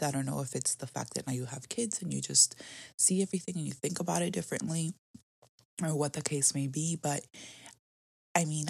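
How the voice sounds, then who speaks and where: A low, husky-voiced woman talks in a relaxed, rambling way as she co-hosts a podcast about motherhood. Her voice has a gravelly edge. It is recorded close and dry, with no room sound. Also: no room sound. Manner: chatty, rambling, heavy on "like" and "you know". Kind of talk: casual chat.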